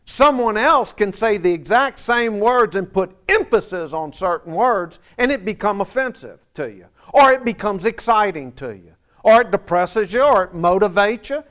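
A man preaching a sermon, asking the congregation rhetorical questions and dropping from emphatic lines to soft asides. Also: high voice, animated, moderate pace. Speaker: pastor.

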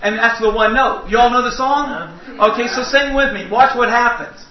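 Folksy preacher in an echoey church. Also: male voice, very high-pitched, moderate pace. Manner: folksy storytelling with humor. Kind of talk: sermon. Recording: echoey hall, distant mic, dull sound.

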